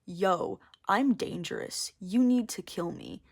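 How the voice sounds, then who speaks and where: A woman voicing a reluctant winged young man who must drink blood, insistent and flat, in her own voice. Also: medium pitch, takes it slowly.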